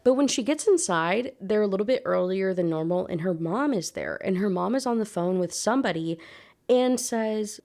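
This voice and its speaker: A woman's voice: medium pitch, animated, normal speed, vocal fry, darkish tone. A woman and book reviewer giving a casual, chatty and sarcastic recap of a novel, full of filler words.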